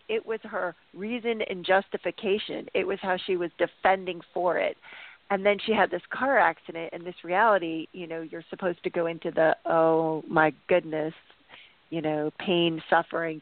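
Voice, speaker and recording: A woman guest telling an animated story as she talks, laughing often. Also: on the low side, no echo. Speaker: guest speaker. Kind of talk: storytelling anecdote. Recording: tinny phone-like line.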